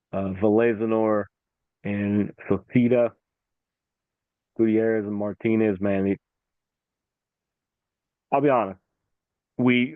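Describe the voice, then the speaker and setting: Low-voiced man recapping fights. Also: dry recording, phone-quality sound. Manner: animated storytelling, acts out the referee. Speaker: podcast host. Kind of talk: casual fight-sports recap.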